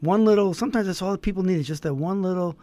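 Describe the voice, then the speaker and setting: A man interviewing a priest, speaking in a halting, reflective way with many restarts. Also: sits high, mellow. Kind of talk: interview conversation.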